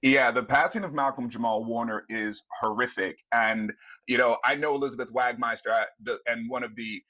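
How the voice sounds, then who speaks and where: A middle-aged man speaks as a guest commentator on a news panel. His voice is bright and forceful, and he talks earnestly, halting and restarting as he reaches for words. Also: medium pitch, steady tone. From United States. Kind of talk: live news panel discussion.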